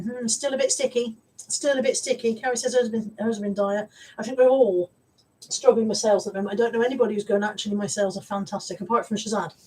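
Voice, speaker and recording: A woman's voice: on the high side, darkish tone, breathy edge, recorded from a distance, poor audio. A woman hosting a casual live stream, chatty and rambling as she greets viewers. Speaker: live-stream host and reseller.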